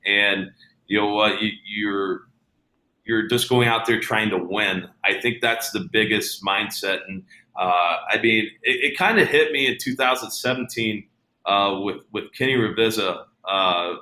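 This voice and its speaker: A man's voice: fairly low pitch, sharp tone, reverberant, rough recording. A man talking casually about baseball as an interview guest, telling stories with many fillers and restarts.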